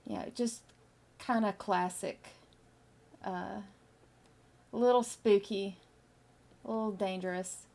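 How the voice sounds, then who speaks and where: A middle-aged woman chatting casually with her stream viewers as she draws, musing slowly with lots of fillers. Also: mid-range voice, fairly even intonation, creaky, darkish tone. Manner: slow, musing, with many fillers. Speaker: artist streaming while drawing. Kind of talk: casual chat with live viewers.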